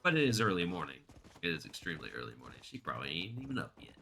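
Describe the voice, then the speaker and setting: A man's voice: deep voice, big pitch swings, very fast, sharp tone, slight background noise. A man streaming a video game, chatting casually and joking in rambling asides into his desk microphone. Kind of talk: casual live-stream commentary.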